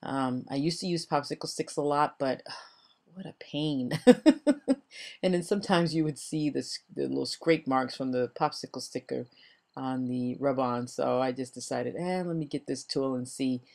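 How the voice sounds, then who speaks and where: Low-voiced older woman, chatty crafter. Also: moderate pace, vocal fry, darkish tone. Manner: chatty and rambling, laughs often. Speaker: crafting vlogger. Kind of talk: casual voice-over narration of a craft video.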